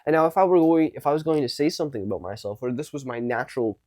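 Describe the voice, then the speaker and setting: A man's voice: medium pitch, very fast, darkish tone, no room sound. A man coaching on social skills, talking casually to camera and acting out unsure and confident tones of voice. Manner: demonstrates tones of voice, shifting between unsure and commanding.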